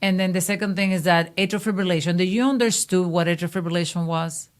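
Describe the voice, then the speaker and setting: A woman who hosts the podcast as a cardiologist, interviewing a patient and explaining things clearly for her listeners. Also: fairly low pitch, steady tone, fast. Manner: explains clearly, steering the conversation.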